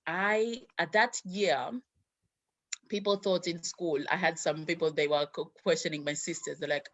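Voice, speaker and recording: A woman's voice: fairly low pitch, animated, moderate pace, a bit bright. A woman guest telling her life story in conversation, acting out the voices of the people in it. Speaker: interview guest.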